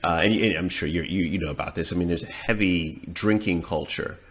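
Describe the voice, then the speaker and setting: A man's voice: low voice, brisk, a bit bright, a little hiss or hum. A man, a guest on a podcast, talking in casual chat and repeating words as he searches for his point. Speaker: podcast guest, dating expert.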